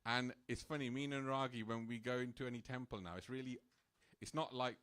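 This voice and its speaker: A man recounts a personal story to a gathering in casual, animated talk. He leans on "like" fillers and slips in quick laughs as he goes. His pitch sits in the middle of the range. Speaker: speaker at a temple program.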